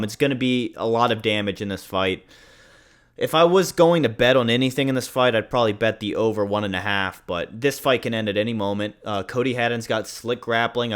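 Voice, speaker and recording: A man with a lowish, clean-toned voice hosts a casual video predicting fights. He rambles, speaks bluntly, uses profanity, and makes fun of his own slips.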